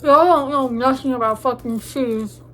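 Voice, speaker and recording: Between mouthfuls, a young woman vlogger chats in a high, pushed, bright voice at normal speed. Her casual mukbang talk is jokey and crude, and her allergies leave her sounding stuffy.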